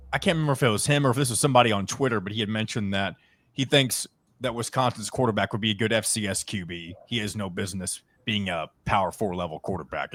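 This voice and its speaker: Male host, dry close sound, measured analysis of football rankings. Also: fairly low pitch, fairly bright tone, dry recording. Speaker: sports show host. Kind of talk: casual sports talk show.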